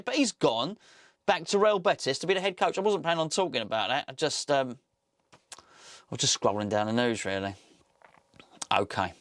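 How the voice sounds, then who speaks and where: A man's voice: fairly high pitch, fairly bright tone, dry recording, studio quality. A man hosting a solo football podcast, reading out news and adding wry, sarcastic asides.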